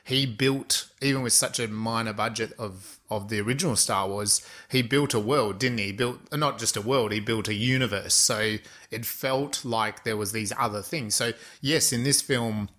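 A man with a bright, forceful voice talks casually about a film, rambling through fillers and restarts as he works out his point. His tone stays conversational and loose. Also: on the low side, normal speed, hardly any pauses.

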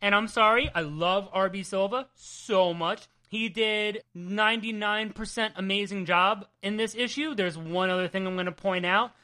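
A young man with a New Jersey accent chats about comics with a bright, forward tone. He is animated and teasing, and he swears freely. He keeps the talk loose and casual. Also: sits high, normal speed, hardly any pauses, smooth. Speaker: comic book podcast co-host. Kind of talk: casual chat.

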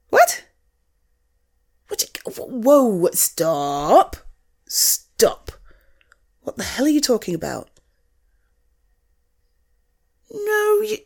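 A woman's voice: high-pitched, darkish tone, heavily acted. A woman playing a young woman's blunt best friend in a one-sided audio role-play, swearing freely and giving frank tough love. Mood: exasperated. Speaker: friend talking to the listener.

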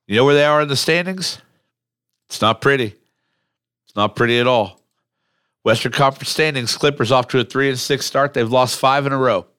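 A male podcast host in casual, animated chat, blunt and quick to swear. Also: medium pitch, clear, resonant tone, no echo, clean studio sound.

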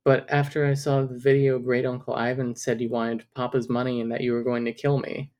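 A woman's voice: a bass voice, a little fast. A woman reading out the lines of a frightened, remorseful little girl from a novel, in her own plain voice. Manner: reading aloud flatly from a book.

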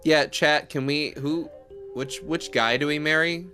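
A man's voice: a little high, steady tone, measured pace, pushed and bright, soft background music. A man chatting casually and joking with a friend while streaming a game, cursing often. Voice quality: joking, swears freely.

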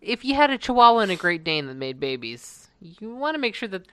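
A woman co-hosting a podcast in casual chat, giggly and bubbly, tossing out quick asides. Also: medium pitch, sing-song, sharp tone, clear, resonant tone, dry recording. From Wisconsin. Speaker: podcast co-host.

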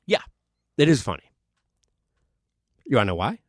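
A man co-hosting a podcast in loose, jokey banter, his pitch swinging widely as he goes. He swears freely and plays up every bit, close and dry on the mic. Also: normal speed, no room sound. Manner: animated, jokey, swears often. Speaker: podcast co-host. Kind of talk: casual comedic podcast chat.

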